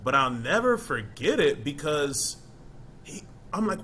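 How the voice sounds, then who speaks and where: Man guest, interview, bright forward voice, emphatic and chatty, faint hiss behind. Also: fairly high pitch, big pitch swings, a little slow. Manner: conversational, emphatic, asks "you know what I mean?". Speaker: interview guest, former college football player. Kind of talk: casual interview talk.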